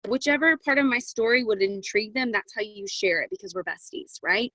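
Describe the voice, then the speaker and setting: A young woman in her twenties coaches her sales team over a video call, chatty and excitable, with a lot of "um" and "right?". Her voice sits a little high. The sound is close and dry, with no room echo. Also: fairly quick. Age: 20s. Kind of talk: motivational team coaching talk. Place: home walk-in closet.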